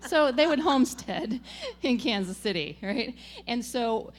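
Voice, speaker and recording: A woman giving a tribute speech at a gathering, telling animated stories and laughing often. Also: on the high side, measured pace. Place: event gathering.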